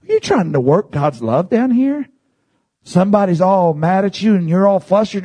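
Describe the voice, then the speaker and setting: A man preaching a sermon, moving from calm teaching to loud, high-pitched shouting. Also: normal speed, breathy edge, no echo.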